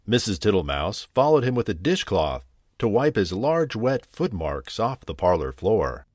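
A man narrating a children's storybook, expressive and playful, acting out each character. His voice sits on the low side and moves through a wide, lively range. The recording is close and dry. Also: no echo. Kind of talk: storybook read-aloud.

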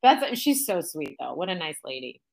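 A middle-aged woman, a Broadway actress, chatting as a guest and telling lively stories with easy laughter. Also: on the low side, moderate pace, vocal fry, rough recording. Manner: animated, storytelling, laughs easily. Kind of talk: casual interview chat.

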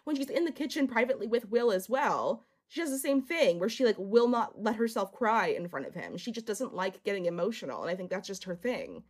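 Animated young woman podcast co-host. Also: mid-range voice. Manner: animated, fast bursts, laughs often. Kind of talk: casual chat recapping a reality show.

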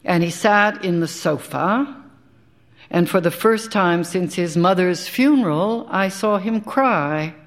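A woman, an actor, giving a live dramatic reading of a first-person short story, in a wry, conversational way with dry asides. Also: lowish voice. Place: live stage performance.

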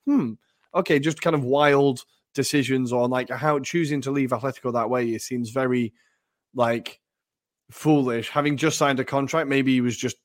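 A man's voice: mid-range voice, fairly even intonation, moderate pace, no echo, clean studio sound. A man co-hosting a football podcast, chatting casually and hedging with fillers. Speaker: podcast co-host.

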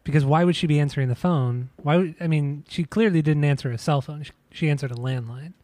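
A man with a slightly high voice reacts to his co-host in a relaxed conversation. His remarks are dry and teasing. The sound is dry with little room. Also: quick pace, dry recording. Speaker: podcast co-host. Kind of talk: casual chat.

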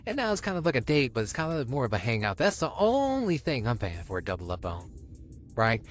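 A man's voice: a little fast, faint music behind. A young man co-hosting a podcast, speaking frankly and personally about dating in a casual chat. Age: young adult. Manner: frank, personal, lively ups and downs in pitch. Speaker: podcast co-host.

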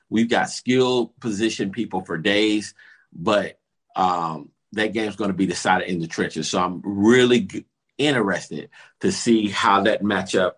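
A man co-hosting a casual sports talk show, telling stories and acting out what coaches said. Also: fairly low pitch. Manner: animated storytelling, acts out coaches' quotes.

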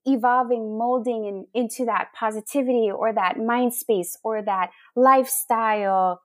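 A woman with a fairly high voice talks as a guest in a casual podcast chat. She speaks earnestly and encouragingly and sometimes gropes for the right word. The sound is dry and close, with no room behind it. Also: steady tone, normal speed, dry recording. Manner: warm, earnest, searching for words. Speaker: interview guest.

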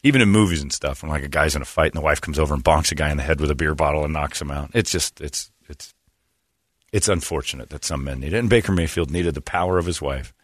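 A man from Indiana hosting a sports talk show, mocking and animated, slipping into put-on voices. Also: very deep voice, fast, no echo, studio quality. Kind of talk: casual sports banter.

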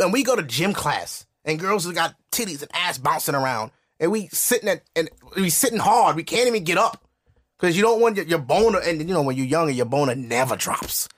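A man hosting a podcast, ranting in casual comedic style, animated and profane. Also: a little high. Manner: animated, profane storytelling with voiced asides. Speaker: podcast host.

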